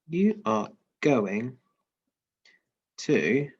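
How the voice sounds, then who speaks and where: Greedy bridge troll, played by a teacher: slow, gloating, lightly acted. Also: medium pitch, big pitch swings, a little mellow, husky, heavily acted. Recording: dull lo-fi sound.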